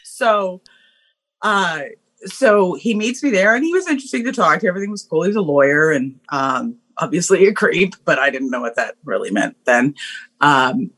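A woman guest on a podcast, telling a personal story in an animated way, acting out voices and laughing often. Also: deep voice, normal speed.

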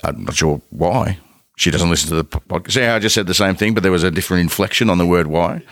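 A man's voice: low voice, rapid-fire, fairly bright tone, dry recording. A man co-hosting a podcast, chatting casually in a jokey, rambling way and laughing often. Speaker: podcast co-host. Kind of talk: casual chat.

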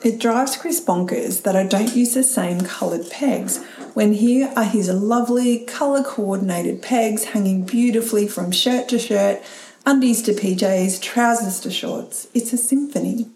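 Middle-aged woman, solo podcast host, candid and chatty, warm low-key tone, roomy echo. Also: unhurried. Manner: candid, chatty, laughs often and swears casually. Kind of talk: reflective solo talk.

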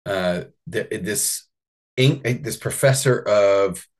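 A man's voice: fairly low pitch, slow pace. A man co-hosting a podcast, reading an article aloud with wry asides and laughs. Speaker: podcast co-host.

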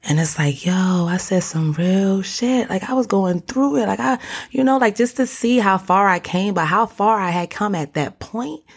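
Slangy, animated woman podcast host. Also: medium pitch, moderate pace, slightly rough. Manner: animated, slangy, keeps addressing listener as honey and baby. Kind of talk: casual solo podcast talk.

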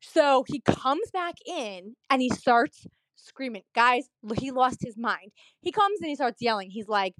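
A woman's voice: high-pitched, expressive, unhurried, fairly bright tone, no room sound. A woman from a dental office telling a story to camera in a chatty, rambling way, full of fillers and emphatic asides. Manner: indignant, emphatic retelling.

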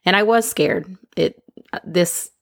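A woman hosting a podcast, talking to her listeners in a calm, gentle, unhurried way into a microphone. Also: fairly low pitch, gravelly, no echo, studio quality. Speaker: podcast host. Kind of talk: casual chat to listeners.

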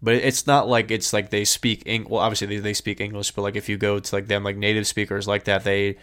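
A man's voice: fairly low pitch, flat delivery, fairly quick, fairly bright tone, smooth. A man co-hosting a podcast, chatting casually and swearing freely. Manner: laid-back, swears casually. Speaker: podcast co-host. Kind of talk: casual chat.

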